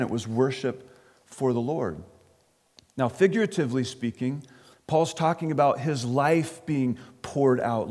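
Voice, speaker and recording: A man's voice: mid-range voice, darkish tone. A man preaching an expository sermon, earnest, often repeating words as he stresses a point. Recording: long reverb of a large hall.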